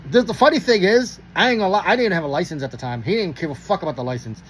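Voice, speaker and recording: Casual male storyteller from Pittsburgh: quick, swearing, acts out the dialogue. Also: sits high, slight background noise, poor audio. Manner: profane, animated, acts out dialogue.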